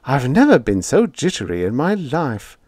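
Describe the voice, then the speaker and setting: Brief: male narrator putting on a twittery old landlady, high-pitched, sing-song, very dry close sound. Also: huge pitch swings, moderate pace, a little mellow, breathy edge, dry recording. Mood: flustered. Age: older. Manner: chirpy, flustered, high falsetto. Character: fussy meddling elderly female landlady.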